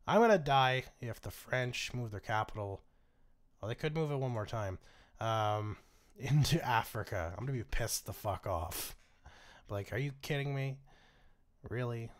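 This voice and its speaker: Lower-voiced man giving wry game commentary. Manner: wry, swears freely, chuckles at the game. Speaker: gaming channel host. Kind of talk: casual strategy game commentary.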